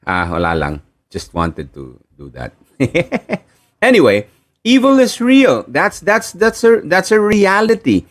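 A man with a Filipino accent preaching a sermon, animated and repeating key phrases for emphasis. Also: high-pitched, takes it slowly.

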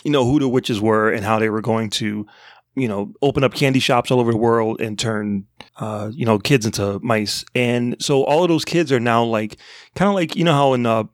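A man's voice: medium pitch, moderate pace, no room sound, clean studio sound. A man co-hosting a casual movie podcast, rambling and laughing often. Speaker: podcast co-host. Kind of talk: casual movie review chat.

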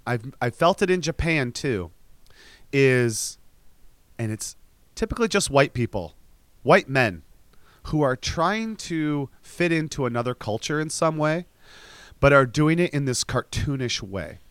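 A man co-hosting a podcast in casual chat, animated and swearing freely as he mimics people in his stories. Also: mid-range voice, measured pace, smooth, dry recording. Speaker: podcast co-host.

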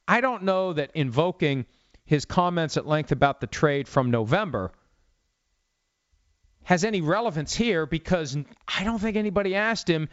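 A man talking sports on his own show, voice sitting a little high and swinging lively up and down as he mocks and questions. The sound is close and dry, slightly dull and lo-fi from a studio mic. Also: normal speed, no echo. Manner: sarcastic, animated, rhetorical questions. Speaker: sports talk host. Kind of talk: solo talk commentary. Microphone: studio mic with cough button.

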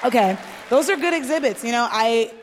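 A woman's voice: a little high, expressive, a little fast, big-room sound, slight background noise. A woman co-hosting a casual comedic chat in front of a live audience, teasing and rambling with lots of asides. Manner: chatty, teasing, full of "like" and asides.

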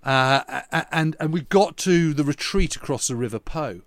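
A man, a historian and podcast co-host, telling a long, earnest anecdote in relaxed conversation. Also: on the high side, normal speed, dry recording. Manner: earnest, emphatic storyteller.

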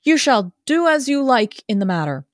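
A woman reading the lines of a grave, gentle Victorian male doctor in her own voice, with earnest dramatic delivery. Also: high-pitched, sing-song, moderate pace, dry recording, clean studio sound, pitched above the performer's own voice.

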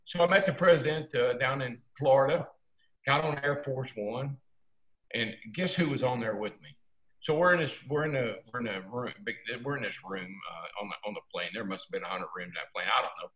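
Older male storyteller, folksy and animated, echoey room. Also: medium pitch, fairly quick. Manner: folksy, animated, acts out quotes. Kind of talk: casual storytelling.

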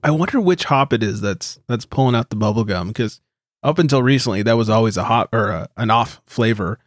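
A man's voice: on the low side, expressive, brisk, no echo, studio quality. A man hosting a beer podcast in loose, joking casual chat, swearing freely. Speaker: podcast host.

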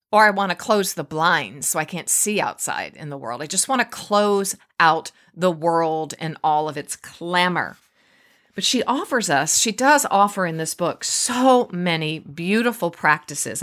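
A woman's voice: deep voice, fairly bright tone. A middle-aged woman hosting an inspirational podcast, talking in an earnest, emphatic way and lingering on her words. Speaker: podcast host. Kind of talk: reflective inspirational talk.

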